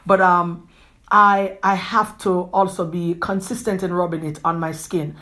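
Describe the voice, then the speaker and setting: A woman hosts her own podcast, speaking in a slightly low voice. She gives an earnest, rambling pep talk, circling back to the same phrases again and again. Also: flat delivery, bright, forceful tone. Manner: earnest, rambling, repeats herself often; quick talker who gestures a lot. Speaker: podcast host. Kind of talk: encouraging motivational talk.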